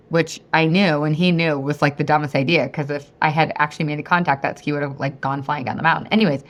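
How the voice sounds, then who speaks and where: A woman in her thirties hosting a casual podcast as a weight-loss coach, chatty and animated, swearing freely and laughing often. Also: low-pitched, fast, few pauses.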